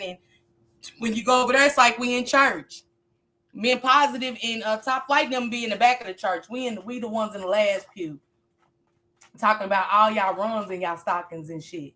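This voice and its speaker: Bright-voiced woman hosting a loose livestream. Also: mid-range voice. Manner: loose, profane, joking, talks straight to her chat. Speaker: livestream host. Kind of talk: casual livestream chat.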